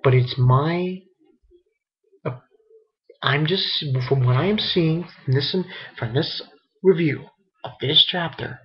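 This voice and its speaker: A man giving a casual, halting spoken review of a comic chapter, often restarting his sentences. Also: a little high, muffled recording. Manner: rambling, halting commentary with restarts. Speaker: manga reviewer.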